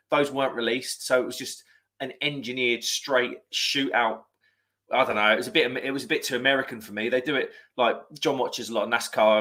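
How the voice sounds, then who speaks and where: A man's voice: medium pitch, fairly bright tone. A man hosting a live stream, chatting casually and rambling as he reads out viewer comments. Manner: chatty, rambling, self-correcting.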